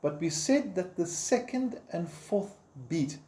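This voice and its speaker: A man's voice: high-pitched, animated, takes it slowly. A man teaching guitar step by step in an informal, encouraging way, counting the beats aloud as he plays. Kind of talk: step-by-step instruction. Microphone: camera framing the guitar. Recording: roomy echo with guitar playing.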